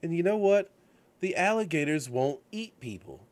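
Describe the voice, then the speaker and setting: A man's voice: fairly high pitch, normal speed. A man hosting a casual talk show, rambling through video game stories with lots of fillers and restarts. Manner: rambling, animated storytelling with frequent fillers. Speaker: show host. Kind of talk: casual chat about video games. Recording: radio-show studio setup.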